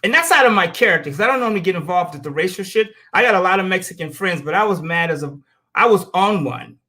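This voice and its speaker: A man's voice: high voice, animated, fast, bright, forceful tone. A man from the United States hosting a show, delivering a heated, profane opinion monologue and telling stories with acted-out quotes. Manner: blunt, profane, heated ranting. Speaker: show host.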